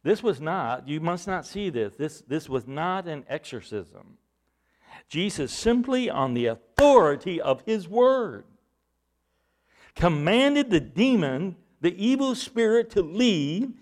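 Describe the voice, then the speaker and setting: Male preacher, high voice, lively pitch, slow deliberate delivery, emphatic bursts. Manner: animated Bible exposition, rising to loud emphatic bursts. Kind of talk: sermon.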